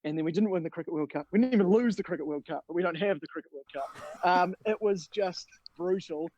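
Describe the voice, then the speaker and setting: A man's voice: high voice, fast talker, a little mellow. A man, a TV sports journalist, telling a blunt, rueful story in casual podcast chat. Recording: dull lo-fi audio.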